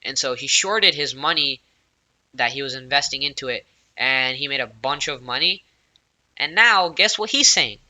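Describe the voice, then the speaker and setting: A man giving casual, excitable tech news commentary as a YouTuber, rambling with plenty of fillers. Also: medium pitch, moderate pace.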